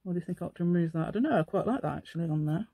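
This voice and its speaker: A woman's voice: lowish voice, lively intonation, very fast, warm tone, breathy edge, no room sound. A woman hosting a casual crafting tutorial at her craft table at home, thinking aloud and asking the viewer questions as she works. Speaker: craft channel host.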